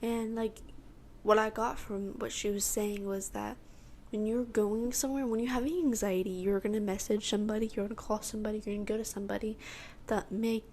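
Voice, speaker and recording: A woman's voice: mid-range voice, fairly even intonation, brisk, dark tone, slight background noise. A teenage girl from Texas hosting a podcast, giving a rambling personal testimony and acting out what people said to her. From Texas, USA. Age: teens. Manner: rambling storytelling, acting out her own and others' lines. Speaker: podcast host.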